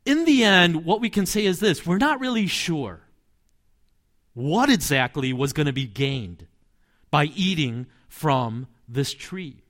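A man's voice: fairly high pitch, lively intonation, slow, a bit bright. A man, a pastor, preaching a sermon in a conversational, storytelling way with asides and light chuckles.

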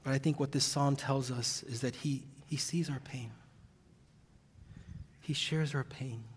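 A man's voice: medium pitch, fairly even intonation, unhurried, slight background noise. A male pastor preaching an earnest, heavy-hearted sermon, audibly emotional at times. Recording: long reverb of a large hall.

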